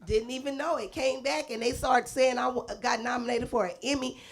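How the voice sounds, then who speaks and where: A middle-aged woman from Los Angeles, a guest actor telling lively stories in a live stage interview, acting out the voices of the people in them and laughing often. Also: sits high, a little fast, very noisy. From Los Angeles, USA.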